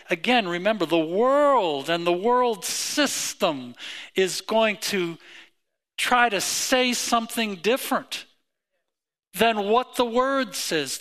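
Bright-voiced, slow, emphatic male preacher. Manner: emphatic preaching with rising pitch and repeated phrases. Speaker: pastor. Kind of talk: sermon.

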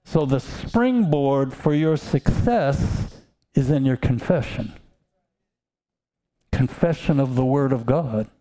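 Slow-speaking male preacher, mellow tone. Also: medium pitch, expressive. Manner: slow, emphatic, calls out to congregation. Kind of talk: sermon.

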